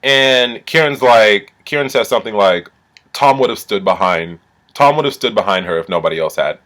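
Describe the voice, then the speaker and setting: A man with a lowish voice rants through a casual recap as a vlogger. He is animated and profane, and he swings between muttered asides and loud, indignant bursts. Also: moderate pace.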